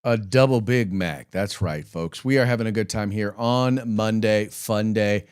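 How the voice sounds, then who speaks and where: A man hosts a casual political talk show in a fairly low voice. He rambles in a folksy way, full of fillers and restarts. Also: a little slow, darkish tone, clean tone. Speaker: podcast host.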